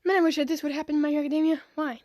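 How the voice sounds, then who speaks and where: A high-pitched woman chatting casually through comments on her own channel, giggling and breaking into laughter as she reacts. The recording is dry and close, with no room sound. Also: very fast, no room sound. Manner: giggly, excitable, laughs often between reading comments. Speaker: video creator reading comments.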